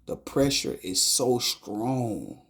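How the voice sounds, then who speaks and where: Guy retelling a dream as a testimony, stumbles and repeats words, goes quiet and whispery sometimes. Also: medium pitch, sing-song. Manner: halting, repeats phrases and stumbles over words; drops to a hushed whisper at tense moments. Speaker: person giving a testimony.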